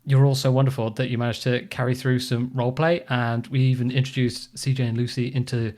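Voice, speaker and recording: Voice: medium pitch, flat delivery, a little fast, a little mellow. A podcast host catches up with co-hosts in a loose, easygoing ramble. The talk is full of fillers and restarts, with a self-deprecating streak. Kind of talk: casual podcast chat.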